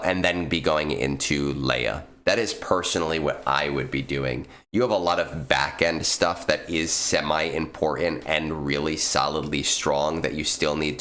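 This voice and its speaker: Low-voiced man giving blunt game advice. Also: sharp tone. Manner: blunt and profane, with frequent fillers. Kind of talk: casual livestream advice.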